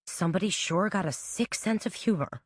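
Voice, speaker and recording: Woman reading sassy new orleans gal, slow drawl, lowish voice, dry close sound. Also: no room sound, lightly acted. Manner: quiet drawl. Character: sleepy, brash Southern woman, shop owner.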